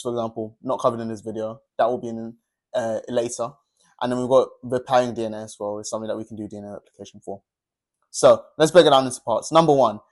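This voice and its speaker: Young guy tutoring exam revision, upbeat, keeps saying yeah?, middle pitch. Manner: upbeat, checks in with "yeah?" often. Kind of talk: exam revision lesson over slides.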